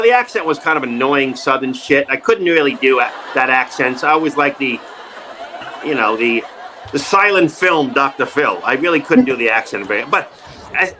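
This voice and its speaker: A middle-aged man with a New York accent, telling jokey stories in a casual interview, animated and wisecracking. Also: on the high side, slight background noise. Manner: animated, wisecracking, jumps into quoted voices. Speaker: actor and comedian, interview guest. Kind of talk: casual interview, joking storytelling.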